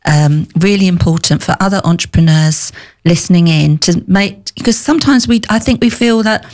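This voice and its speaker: A woman's voice: fairly low pitch, moderate pace. A middle-aged woman hosting a business talk show, chatty with lots of fillers. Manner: chatty, warm laughs, many fillers. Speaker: podcast host. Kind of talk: casual chat.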